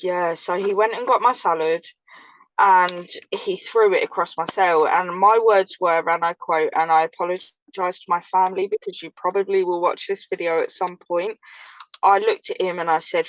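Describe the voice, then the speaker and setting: A woman's voice: fairly low pitch, fairly even intonation, moderate pace, lo-fi sound. An English woman, a former prisoner, telling her story in casual chat, blunt and vivid, swearing freely. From England.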